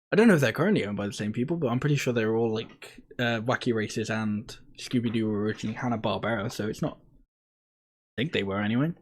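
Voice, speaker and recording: A man's voice: fairly low pitch, quick pace. A man streaming a puzzle game, chatting casually with rambling, sweary jokes and asides. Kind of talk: casual let's-play commentary.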